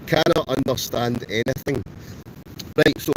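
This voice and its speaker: A Scottish man camping wild chats on a live stream from inside his tent in a storm, reading viewer comments and greeting people by name in a good-humoured way. His voice is medium-pitched at a moderate pace with frequent pauses. The audio is poor, garbled and robotic-sounding, with roaring wind as a howling gale buffets the tent.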